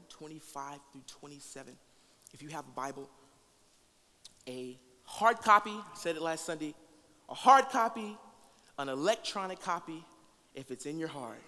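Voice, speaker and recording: High-voiced man preaching in a reverberant hall. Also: a little hiss or hum. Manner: animated, with big swings in loudness and call-and-response with the congregation. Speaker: pastor. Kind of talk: sermon.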